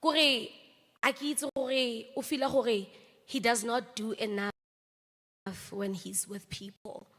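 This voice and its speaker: A woman's voice: on the high side, fairly even intonation, slow pace, a bit bright. A South African woman, an actress, giving a memorial eulogy, telling anecdotal stories that mix languages, with laughs between stories. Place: large memorial hall. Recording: long hall reverb.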